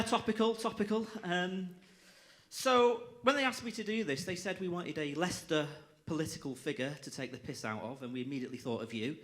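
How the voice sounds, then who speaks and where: A man's voice: fairly high pitch, pushed and bright. A man, a politician doing self-mocking stand-up and laughing through his own jokes.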